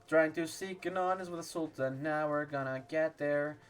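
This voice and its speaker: A man's voice: on the high side, normal speed, clear, resonant tone. A man casually commenting while streaming a game, playful and rambling, humming little sound effects.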